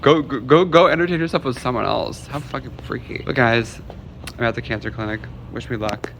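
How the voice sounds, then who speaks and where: Filming a casual vlog on his phone while out in the car and at stores, a man in his 20s swears freely and moves between joking and venting. He has a medium pitch, a fairly bright tone with some vocal fry, and a slightly fast pace, plus slight background noise.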